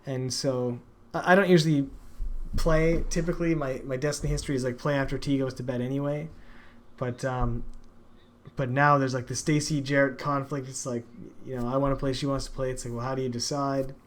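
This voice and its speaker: A man hosting a casual stream talks in an ordinary mid-range voice. He rants with emphasis and drops frequent curses, switching between loud peaks and low, confiding asides. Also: steady tone, fairly quick. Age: adult father. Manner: ranting, emphatic, swears often. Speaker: streamer, show host. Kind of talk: casual profane chat.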